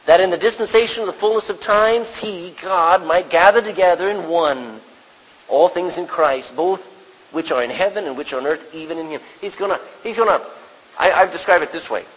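A man's voice: high voice, normal speed, fairly bright tone, slightly rough. A man preaching a sermon in a conversational way, quoting scripture and putting questions to the congregation. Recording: long reverb of a large hall.

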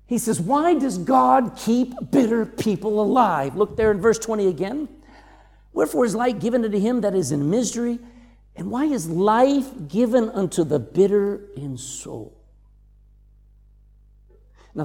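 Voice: mid-range voice, mellow, long reverb tail. A preacher giving a sermon, reading verses aloud and acting out the voices of the people quoted. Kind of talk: sermon teaching on scripture.

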